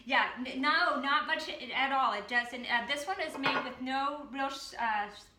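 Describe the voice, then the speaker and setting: A woman from the Boston area hosting a casual cooking demo and giving relaxed healthy-eating advice with frequent ums. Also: high-pitched, measured pace, echoey room, background noise. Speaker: health program host.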